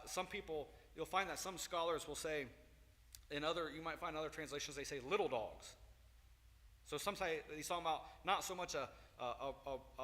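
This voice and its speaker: A man teaching a Sunday school Bible lesson, telling the story with animated, acted-out quotes. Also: fairly high pitch. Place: church hall. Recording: long reverb in a hall.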